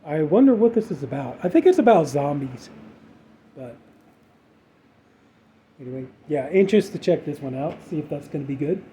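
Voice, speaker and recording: A man's voice: on the high side, normal speed, long pauses, slightly rough. A man casually chatting through his horror movie haul, rambling with lots of fillers. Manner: rambling, filler-heavy, relaxed. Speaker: horror collector showing a haul. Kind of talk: casual unboxing chat. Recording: dull lo-fi audio with faint background noise.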